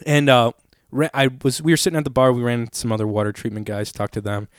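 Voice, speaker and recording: A young man in casual chat, telling rambling, animated stories full of fillers and swearing. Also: medium pitch, quick pace, smooth, dry recording, clean studio sound.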